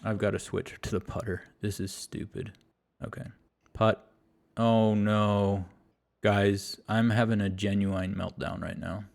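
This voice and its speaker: A man's voice: on the low side, flat delivery, a little slow, vocal fry, a little mellow. A man giving exasperated, self-deprecating play-by-play commentary while playing a golf video game. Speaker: gaming YouTuber.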